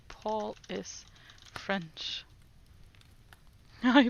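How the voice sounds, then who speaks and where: A woman's voice: mid-range voice, very slow, gravelly, pauses often, bright, forceful tone, dull audio. A woman streamer chatting casually while doing language lessons, repeating foreign phrases aloud and giggling often.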